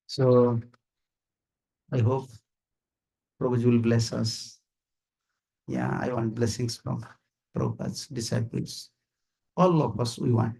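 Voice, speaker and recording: A man's voice: mid-range voice, animated, slow pace, long pauses, dark tone. A man with an Indian accent giving an informal sermon at a house gathering, repeating his points emphatically and checking that listeners understand. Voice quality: gravelly and husky. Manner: repetitive, emphatic, asks listeners "you understand?", chuckles often. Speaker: visiting swami giving a talk. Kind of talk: informal sermon to a small group.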